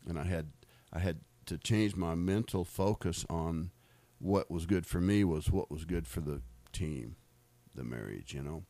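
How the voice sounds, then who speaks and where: Low-voiced rambling American man. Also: unhurried, few pauses, dark tone, no room sound. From United States. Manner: rambling, repeats words and restarts, laughs often. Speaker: speaker sharing faith stories. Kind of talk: casual storytelling testimony.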